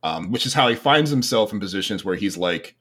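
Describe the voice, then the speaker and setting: A man's voice: fairly low pitch, lively intonation, a little fast, a bit bright, breathy edge. A man co-hosting a podcast, talking in a meandering, hesitant way with many ums. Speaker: podcast co-host. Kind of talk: casual podcast chat.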